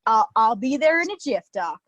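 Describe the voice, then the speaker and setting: An anxious, stammering young man talks in a folksy put-on Texan drawl, read by a woman. The voice sits a little high and is recorded dry and close. It is a live play reading. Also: big pitch swings, moderate pace, no room sound. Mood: friendly. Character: nervous young man with OCD, cowboy twang.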